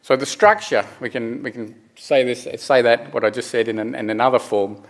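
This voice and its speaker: A middle-aged man giving a technical conference presentation, speaking haltingly with frequent restarts and fillers. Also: medium pitch.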